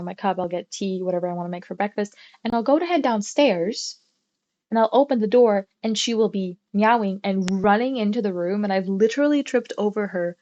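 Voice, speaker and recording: A woman's voice: medium pitch, darkish tone. Chatty young woman rambling on stream. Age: young adult. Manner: rambling, chatty, swears casually. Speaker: livestreamer. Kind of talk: casual chat. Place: at home, upstairs bedroom.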